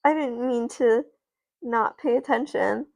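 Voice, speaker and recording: A woman's voice: a little high, a little slow, creaky, darkish tone, no room sound. A woman playing an anxious, two-faced schoolgirl. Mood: pleading. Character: anxious two-faced schoolgirl who blames her friends.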